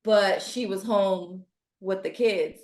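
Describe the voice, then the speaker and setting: A woman hosting a casual podcast chat, thinking aloud and taking her time to find the right words. Her voice is mid-pitched, and the room around her rings noticeably. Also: fairly even intonation, slow pace, a little mellow. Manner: thoughtful, searching for words. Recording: roomy echo.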